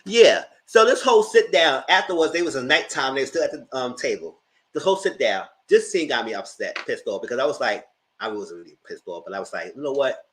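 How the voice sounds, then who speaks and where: A man hosting a casual TV review, talking in an animated, blunt way and swearing freely. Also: mid-range voice, fairly quick, rough recording. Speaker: show recap host.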